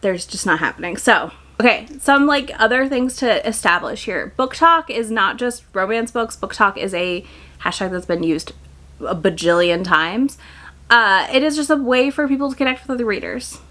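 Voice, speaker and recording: A woman's voice: fairly high pitch, a bit bright. Firm, candid woman commentator. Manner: firm, candid, chatty with fillers. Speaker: book YouTuber. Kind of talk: commentary video to camera.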